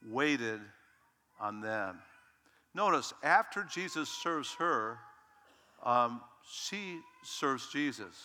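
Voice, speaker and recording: Bright-voiced male pastor preaching. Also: mid-range voice, in a large hall. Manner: lively, emphatic, asks the congregation "Amen?". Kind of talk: sermon. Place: church sanctuary.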